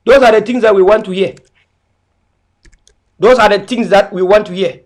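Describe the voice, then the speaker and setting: A man's voice: sits high, moderate pace. A man with a Cameroonian English accent, switching into Pidgin, giving mocking and preachy political commentary. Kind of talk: impassioned online commentary.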